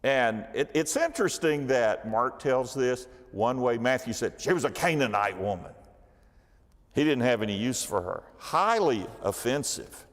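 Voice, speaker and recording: A man's voice: mid-range voice, lively intonation, a little slow, big-room sound. A man teaching a church Bible study class, telling the story with animation and asking the class questions. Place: church hall.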